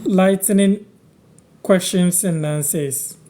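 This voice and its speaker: Mellow-voiced Ghanaian man teaching words. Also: high voice, slight background noise. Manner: patient, repeats words slowly to teach. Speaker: host teaching language on a live stream. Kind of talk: live-stream language lesson, answering viewers.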